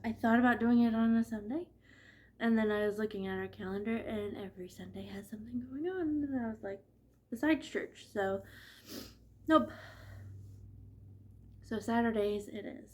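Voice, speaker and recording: A woman's voice: fairly high pitch, normal speed, pauses often, a little mellow. A woman vlogging casually about her knitting, chatty and laughing often, with a stuffy nose from allergies. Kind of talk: casual chat.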